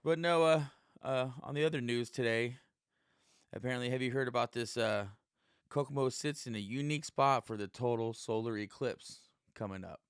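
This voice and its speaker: A man's voice: medium pitch, moderate pace, clear, resonant tone, no echo, clean studio sound. A man hosting his own podcast, a stand-up comic rambling casually and profanely with lots of fillers. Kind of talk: casual solo podcast monologue.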